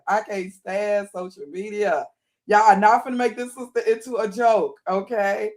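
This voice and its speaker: A woman's voice: mid-range voice, steady tone, normal speed, darkish tone. A woman hosting a live stream, chatting casually with viewers in a talkative manner with laughing asides. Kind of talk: casual reaction chat.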